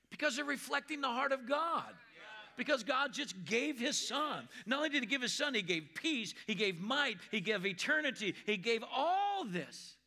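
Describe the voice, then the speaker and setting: A male pastor preaching a sermon, repeating key lines slowly for emphasis, reading scripture with deliberate pacing and asking the congregation for responses. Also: very high voice, pushed and bright. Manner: conversational asides with call-and-response.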